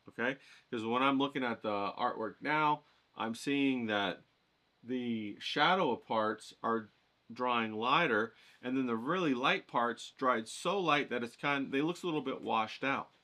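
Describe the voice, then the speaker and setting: A man's voice: medium pitch, sharp tone. A man teaching a watercolor painting demo, chatting and thinking aloud as he paints. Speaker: watercolor instructor.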